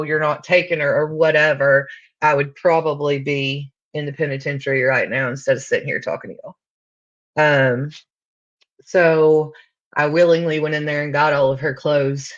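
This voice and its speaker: A woman's voice: sits low, highs cut off. A woman giving a candid recovery testimony, blunt and full of fillers. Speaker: recovery speaker.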